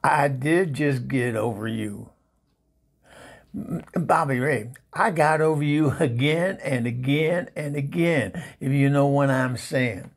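Guy doing a raspy lady on the phone, sassy, fed up, stammery comedy bit. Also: mid-range voice, slow pace. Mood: exasperated. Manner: exasperated, sassy put-downs, flustered stammering. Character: sassy Southern divorced woman, much-married, sharp-tongued. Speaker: comedy show regular. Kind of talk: comedic phone-call monologue.

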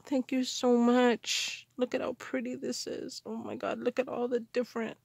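A woman in a casual craft haul video, gushing with excited gasps and exclamations over the supplies she unpacks. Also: on the high side, moderate pace, gravelly, breathy edge, no room sound. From Canada. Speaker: crafter unboxing mail.

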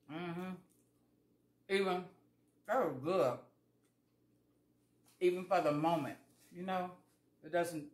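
In a reverberant space, a vlogger with a lowish voice talks casually to her audience over a meal. She shares folksy tales and voices both people in the conversations she recounts.

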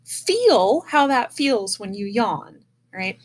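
In a mid-range, very animated voice, a woman takes it slowly as she teaches kids music online. She's patient and shows them breaths as she goes, seated indoors in a chair with a camera before her.

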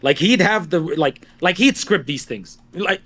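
A man's voice: a little high, expressive, measured pace, a bit bright. A man co-hosting a talk show, pushing his point in a heated casual debate and swearing often. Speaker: co-host.

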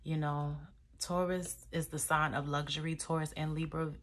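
A woman's voice: deep voice, level tone, moderate pace. A young woman doing a casual tarot reading, chatty and laughing, swearing now and then, recorded on a phone camera in a dim room. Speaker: tarot reader.

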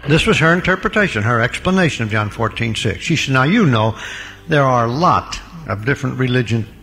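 An older man preaching a Bible lecture, with dramatic swings between loud emphasis and quiet asides. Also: mid-range voice, animated, fairly quick, husky, in a large hall, soft background music. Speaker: pastor. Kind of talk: recorded Bible lecture sermon.

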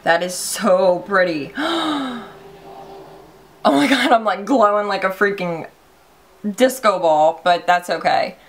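A woman beauty vlogger giving a casual, excitable makeup review, gushing and swearing lightly. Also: mid-range voice, measured pace, a little hiss or hum.

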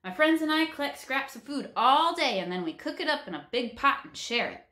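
A woman reading aloud and voicing an easygoing, blunt male hobo in a flat, matter-of-fact way. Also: sits high, fairly quick, voice pushed up, exaggerated voice. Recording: roomy echo.

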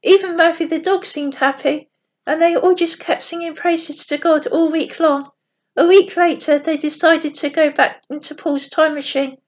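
A woman telling a bedtime story in a plain, gentle reading voice with small slips. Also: high voice, steady tone, moderate pace. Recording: dull lo-fi recording.

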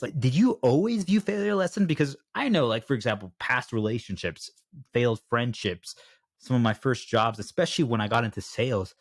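A man's voice: medium pitch, no room sound, studio quality. A young man hosting a podcast interview, asking long rambling questions and acting out little quoted exchanges. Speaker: podcast host. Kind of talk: conversational interview.

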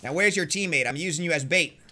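A young man streaming a shooter game, trash-talking opponents and cheering his own plays with brash, excited commentary. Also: on the high side, fast talker. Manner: brash trash talk with excited yelps and laughs. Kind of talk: live gameplay commentary. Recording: noisy game audio behind voice. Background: gunfire from the game.

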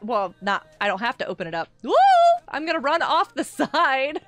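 High, bright, chatty woman streamer. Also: very animated, normal speed, soft background music. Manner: chatty, answers chat aloud, laughs often. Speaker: game streamer. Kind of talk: casual live-stream chat.

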